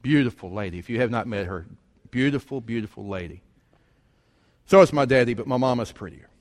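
Folksy preacher in reverberant church. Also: male voice, mid-range voice, animated, fairly quick. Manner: folksy and conversational, with rhetorical questions. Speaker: pastor. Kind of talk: storytelling sermon. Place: church sanctuary. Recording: long church hall reverb.

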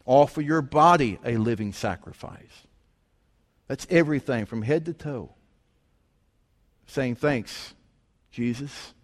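Folksy preacher in reverberant church. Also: male voice, medium pitch, expressive, measured pace, pauses often. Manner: folksy and conversational, with rhetorical questions. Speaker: pastor. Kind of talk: storytelling sermon. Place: church sanctuary. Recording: long church hall reverb.

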